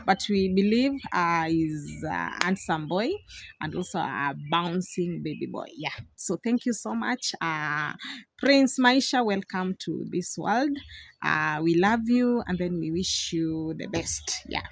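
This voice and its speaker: A young woman vlogging outdoors in a village, giving lively commentary, laughing often and repeating herself. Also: lowish voice, slow, vocal fry, no echo, clean studio sound. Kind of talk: casual vlog commentary.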